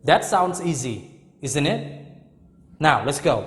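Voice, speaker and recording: Lively, high-voiced male teacher. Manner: repeats example sentences slowly, checks in with "Okay?" and "Understand?". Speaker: English teacher. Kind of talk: classroom grammar lesson. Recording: echoey room with long reverb.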